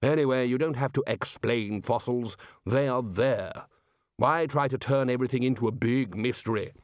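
A man voicing a smug, dismissive male wizard lecturer who speaks slowly. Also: mid-range voice, dry recording, clean studio sound, natural voice.

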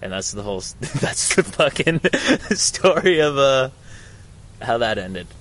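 A man's voice: mid-range voice, very animated, a little slow, fairly bright tone. A young adult man casually telling a story outdoors on a college campus, slangy and profane, saying "dude" and "bro" a lot. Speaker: podcast host.

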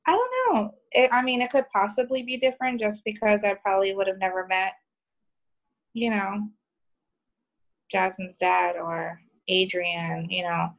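A woman in her thirties from New York with a Southern twang, telling stories as a podcast guest in a laid-back, halting way. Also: mid-range voice, fairly even intonation, vocal fry, dull audio. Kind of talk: casual interview chat.

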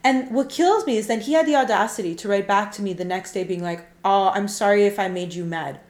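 Animated woman in a roomy room. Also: mid-range voice, a little fast. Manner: animated, acts out quoted texts. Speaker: podcast co-host. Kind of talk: casual chat, storytelling.

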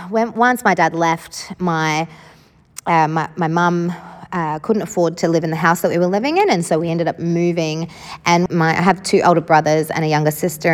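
A woman's voice: lowish voice, big-room sound. A woman telling her own life story in a frank, casual way, swearing freely and often saying "like". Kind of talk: candid personal storytelling.

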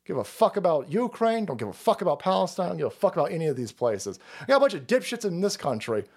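Profane, high-pitched ranting man. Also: very animated, quick pace, darkish tone, breathy edge. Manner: profane, angry, mocking; mimics opponents in sneering voices. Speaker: live stream host. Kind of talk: ranting political commentary.

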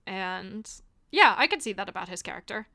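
A woman's voice: mid-range voice, expressive, normal speed, sharp tone. A young woman co-hosting a casual chat about a film, chatty and giggly with lots of filler words. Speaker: podcast co-host.

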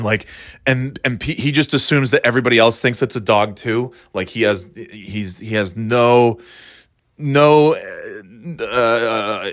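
A man's voice: on the low side, fairly bright tone, no room sound, studio quality. A man hosting a podcast, telling a rambling comic story with an amused tone. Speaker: podcast host. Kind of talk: casual comic monologue.

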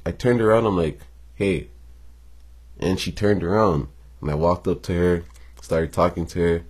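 A man's voice: sits low, normal speed, a little mellow, slightly rough. A young man telling a personal story in a casual, slangy monologue, swearing freely and chuckling between lines.

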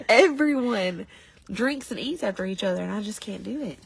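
A woman's voice: medium pitch, animated, a little fast, gravelly, breathy edge. A woman co-hosting a podcast, telling stories in casual chat and laughing often. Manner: laughing storyteller. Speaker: podcast co-host.

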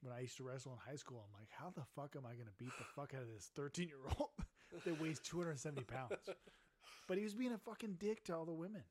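A middle-aged man co-hosting a podcast tells a drunken, casual story in a boisterous, profane way, laughing as he goes. His voice sits on the high side, moves fast, and has a slightly mellow quality.

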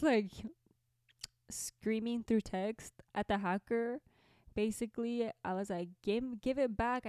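A woman's voice: mid-range voice, darkish tone, clear, resonant tone, no echo, clean studio sound. A young woman hosting a podcast, telling a story to camera in a chatty way, laughing often, in a small bedroom. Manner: chatty, laughing, lots of fillers. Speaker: podcast host and musician. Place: small orange bedroom by a window.

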